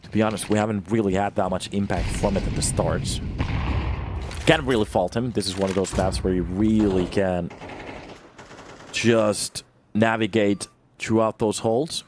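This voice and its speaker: A young man giving live play-by-play commentary on an esports match, swinging from calm analysis to loud bursts of excitement. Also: normal speed, noisy background. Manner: calm analysis that jumps to loud, high-pitched excitement on big plays. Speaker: esports caster.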